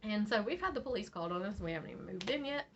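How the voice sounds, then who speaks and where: A woman's voice: medium pitch, racing, faint music behind. A woman from Virginia, telling a story casually as a vlog host and laughing often. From West Virginia. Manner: animated, laughs often, acts out quotes. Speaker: beading channel host. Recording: slightly dull audio, faint noise.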